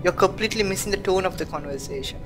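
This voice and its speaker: A woman's voice: lowish voice, fast, music in the background. A woman streaming a game live, chatting playfully, humming and reading the game's text aloud. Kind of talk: live let's-play commentary.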